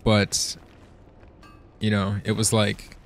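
A man's voice: on the low side, slow pace, gravelly, slight background noise. A man streaming a game, talking casually to his viewers with a lot of swearing and frequent laughter. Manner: excitable, profane, laughs often. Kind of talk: casual gameplay commentary.

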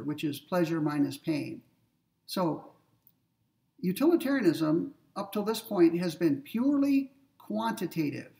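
A man's voice: high-pitched, gravelly, mellow, recorded from a distance. A man giving a philosophy lecture, explaining step by step with everyday examples and checking in with his listeners. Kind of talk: recorded ethics lecture.

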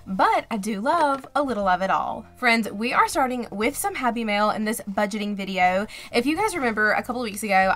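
A woman's voice: fairly high pitch, sharp tone. A woman hosting a budgeting vlog, chatting casually while unboxing and gushing with gasps and little exclamations. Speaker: budgeting channel host. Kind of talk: casual unboxing chat to camera.

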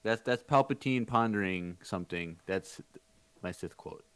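A man co-hosting a podcast in casual chat, self-deprecating and a bit halting, with short laughs. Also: on the low side, clean tone, dry recording. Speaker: podcast co-host.

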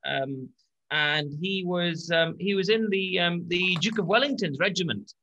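A man co-hosting a casual podcast chat, speaking haltingly with many repeated words and fillers. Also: high-pitched, bright, forceful tone, lo-fi sound, a little hiss or hum. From British. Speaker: co-host.

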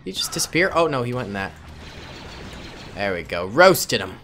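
A man's voice: mid-range voice, big pitch swings, moderate pace, bright, forceful tone, slight background noise. A man giving casual, playful commentary over his own gameplay as a gaming host, joking with his viewers. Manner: playful, jokey, talks to viewers as "boys". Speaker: gaming YouTuber.

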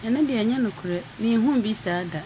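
A woman calling a radio show, telling a personal story in an earnest, soft-spoken way. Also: on the high side, expressive, normal speed, a little hiss or hum. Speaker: caller.

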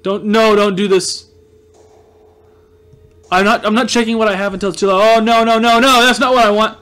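A young man giving casual let's play commentary, excitable and self-mocking, yelping and groaning at every shot. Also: high-pitched, normal speed. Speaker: gaming video host.

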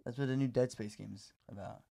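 A young man co-hosting a podcast, telling a story in a casual, swear-heavy way and loudly acting out text messages. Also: medium pitch, fast talker, vocal fry. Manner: animated, swears a lot, acts out texts loudly. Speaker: podcast co-host.

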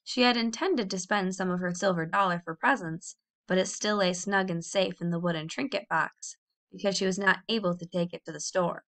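A woman reading a children's novel aloud in a clear, expressive storytelling voice. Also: on the low side, normal speed. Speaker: audiobook reader.

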